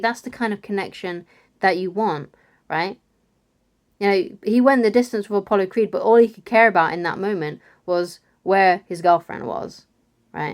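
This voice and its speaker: A woman giving casual relationship advice to camera, chatty, often asking "right?" and laughing lightly. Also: mid-range voice. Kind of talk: casual advice video talk.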